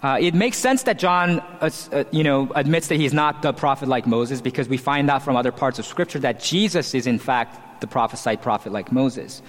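A pastor preaching an expository sermon, explaining scripture verse by verse with emphatic stresses. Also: male voice, mid-range voice, normal speed, few pauses, long reverb tail.

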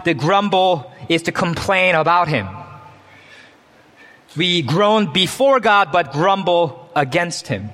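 A man's voice: high-pitched, expressive, slow, fairly bright tone, big-room sound. A man preaching a sermon as pastor, earnest, reading scripture with rising emphasis. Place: church.

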